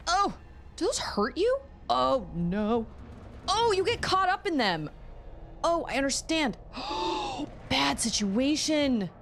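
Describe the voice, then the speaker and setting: A woman's voice: high-pitched, huge pitch swings, slow, fairly bright tone, slight background noise. Chatty woman streamer. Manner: chatty, exclaims at the game, talks to herself. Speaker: game streamer. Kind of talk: casual live gameplay commentary.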